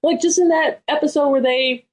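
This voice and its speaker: A woman's voice: sits high, steady tone, normal speed, a little mellow, low-quality recording. A young adult woman co-hosting a podcast, chatting casually and animatedly with opinionated asides and frequent fillers. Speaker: podcast co-host. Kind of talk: casual chat.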